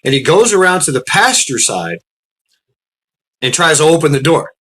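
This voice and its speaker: A man's voice: fairly high pitch, big pitch swings, moderate pace, fairly bright tone. A man, telling a story in a profane, rambling way and often repeating words. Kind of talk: casual storytelling.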